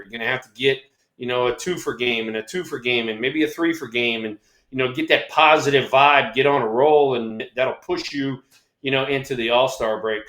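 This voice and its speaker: A man's voice: mid-range voice, a bit bright, reverberant. A man in his sixties co-hosting a sports talk show, telling stories in a rambling way with lots of fillers. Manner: rambling storyteller, lots of "you know". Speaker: former ballplayer co-host. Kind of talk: casual sports chat.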